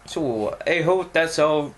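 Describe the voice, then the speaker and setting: Slow, halting young man. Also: fairly high pitch, background noise. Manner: slow, halting, many ums and pauses. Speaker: video creator answering viewer questions. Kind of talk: casual Q&A vlog.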